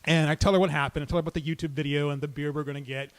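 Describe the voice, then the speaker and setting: A man tells a true story on stage with a wry, comic, conversational delivery. His voice sits high for a man. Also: steady tone, racing.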